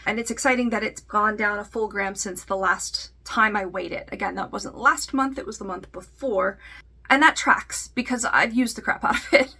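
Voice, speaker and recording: A woman's voice: fairly high pitch, bright, forceful tone. A woman talking casually to camera in a makeup vlog, chatty and self-deprecating, trailing off into fillers. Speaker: beauty YouTuber.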